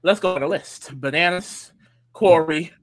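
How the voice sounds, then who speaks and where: A podcast co-host recapping a reality competition episode in excitable casual chat, peppering speech with "like.". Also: medium pitch, a little slow, rough recording. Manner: excitable, animated, fills talk with "like".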